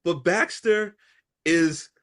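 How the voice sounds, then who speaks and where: A man co-hosting a casual podcast chat, telling stories in an animated, laughing way. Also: a little high, very slow, a loud crowd. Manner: animated, laughing, playful storytelling. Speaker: podcast co-host.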